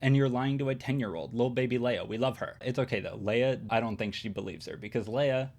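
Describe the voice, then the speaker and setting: A man's voice: mid-range voice, brisk, a little mellow. Chatty male host, sassy and playful, mid-range voice, recapping a show from his bedroom. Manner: chatty, sassy, filler-heavy. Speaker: channel host. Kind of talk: casual TV episode recap.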